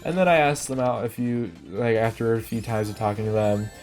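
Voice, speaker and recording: A man's voice: medium pitch, fairly quick, a little mellow, soft background music. A young man telling a casual personal story, rambling, laughing often and stumbling over his words. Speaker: vlogger.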